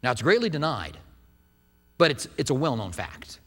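A man preaching a sermon as pastor, lively and conversational, often asking the congregation questions. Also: mid-range voice, normal speed, in a large hall.

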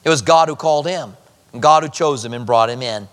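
A man's voice: medium pitch, brisk. A man preaching a verse-by-verse sermon as a pastor, with conversational asides to the congregation. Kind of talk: expository sermon. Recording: long hall reverb.

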